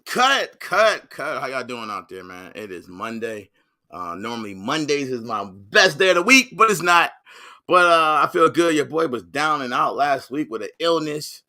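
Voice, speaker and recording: A man's voice: mid-range voice, sing-song, moderate pace, sharp tone. A man hosting his own sports vlog, talking casually and energetically in slang and often repeating himself.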